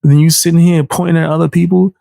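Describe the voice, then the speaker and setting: A man's voice: fairly high pitch, little pitch movement, fast, vocal fry, mellow, no echo. A man hosting a reaction commentary, mocking and incredulous, full of slang. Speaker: commentary host.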